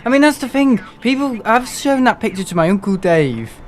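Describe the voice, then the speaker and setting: A man's voice: extremely high pitch, expressive, normal speed. A young man, chatting casually and rambling through a live gaming stream, laughing often and poking fun at himself.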